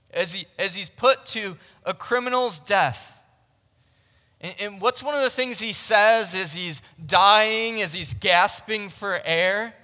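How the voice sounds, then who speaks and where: A man preaching a sermon to a room of listeners, earnest and conversational, with frequent restarts and swings between loud emphasis and hushed moments. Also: high-pitched. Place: large room with a live audience. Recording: long reverb from a large hall.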